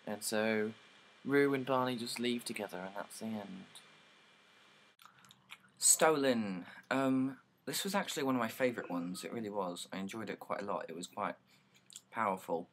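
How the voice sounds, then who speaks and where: A man's voice: on the low side, normal speed, slight background noise, poor audio. A young man casually summarizing plays, rambling with lots of likes and ums and casual swearing.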